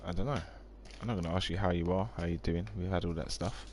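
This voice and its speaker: A man's voice: low-pitched, fairly even intonation, fast talker, slight background noise. A man, chatting casually on a live game stream, rambling and reading out viewer comments.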